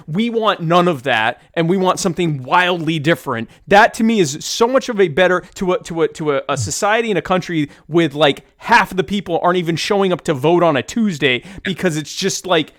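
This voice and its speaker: Podcast host dude, pretty high voice, earnest, goes on explaining stuff. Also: male voice, expressive, fairly quick, hardly any pauses, a bit bright. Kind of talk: casual podcast chat.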